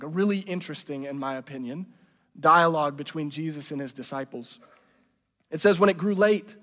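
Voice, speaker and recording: A man's voice: a little high, fairly bright tone. A man preaching a sermon as a pastor, earnest and conversational, often restarting his phrases. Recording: long reverb of a hall.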